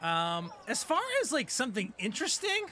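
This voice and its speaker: A man's voice: high-pitched, big pitch swings, moderate pace, background noise. A man narrating as game master of a tabletop game, hesitant and full of fillers.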